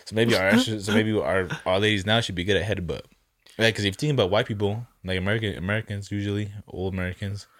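A man's voice: fairly low pitch, fairly even intonation, fast talker, fairly bright tone, dry recording. A young man chatting casually on a podcast, slangy and laid-back, swearing freely. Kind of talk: casual chat.

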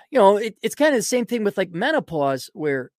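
A man hosting a podcast, delivering a blunt, mocking solo rant and often clearing his throat. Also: high voice, very animated, moderate pace, no echo, clean studio sound. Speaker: podcast host. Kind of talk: ranting solo commentary.

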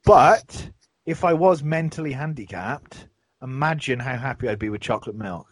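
Husky, sweary man telling stories. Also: medium pitch, animated, moderate pace, no echo. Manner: swears a lot, rambling storyteller. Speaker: podcast host. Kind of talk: casual chat.

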